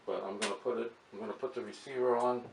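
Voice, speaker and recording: An older man, an amateur radio operator, casually talking through an equipment demonstration step by step, pausing often as he works. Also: medium pitch, steady tone, vocal fry, noisy background. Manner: talks through each step as he works, with many pauses.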